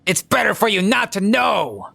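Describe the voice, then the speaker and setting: Shrill paranoid conspiracy nut. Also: male voice, very animated, gravelly, pushed and bright, husky, no echo, exaggerated voice. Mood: frantic paranoid. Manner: frantic, shrieking, drawn-out. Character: paranoid conspiracy forum user, shrill adult man.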